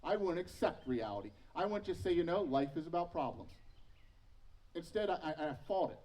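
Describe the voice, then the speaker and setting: A man's voice: a little high, lively intonation, fairly quick, a little mellow, far from the mic, poor audio. A man in his thirties preaching a sermon as pastor, telling personal stories with self-mocking humor. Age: 30s.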